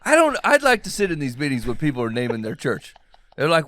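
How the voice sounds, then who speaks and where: A man co-hosting a podcast in casual chat, quick and joking, often mock-indignant. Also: on the high side, wildly swooping pitch, fairly bright tone, dry recording, studio quality. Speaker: podcast co-host.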